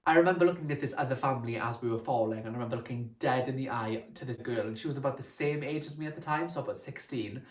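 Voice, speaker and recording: A young man, telling stories in a casual vlog with a chatty, animated manner. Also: medium pitch, fast, hardly any pauses, roomy sound. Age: young adult. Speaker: vlogger.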